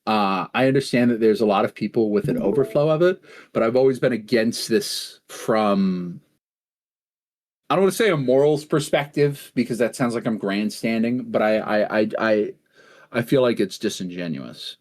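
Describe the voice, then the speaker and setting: A man's voice: lowish voice, normal speed, darkish tone. A man co-hosting a gaming podcast in casual chat, rambling through stories, laughing often and swearing offhandedly. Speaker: podcast co-host.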